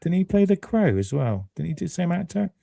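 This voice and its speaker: A man's voice: fairly high pitch, very animated, a little fast, vocal fry, dark tone, no echo, studio quality. A man, co-hosting a casual chat, agreeable and hesitant, saying "yeah" a lot.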